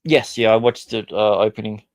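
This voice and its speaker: A man on a call with a friend, chatting casually and cracking deadpan jokes. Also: lowish voice, normal speed, no room sound, clean studio sound. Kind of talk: casual chat.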